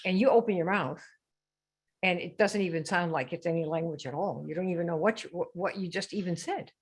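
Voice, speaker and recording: A woman's voice: on the low side, brisk, slightly rough. A woman hosting a live sales training stream, brash and teasing as she quizzes her viewers. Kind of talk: lively live-stream coaching.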